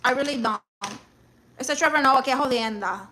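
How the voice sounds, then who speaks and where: A woman playing a brash, sassy bright-voiced diva. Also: high-pitched, normal speed, slight background noise. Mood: sassy, scornful. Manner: sassy, scornful, interjects Spanish words. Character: brash toxic woman, blunt, dismissive, self-assured. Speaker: livestream comedy host reading chat and a self-help book. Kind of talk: live-streamed character comedy.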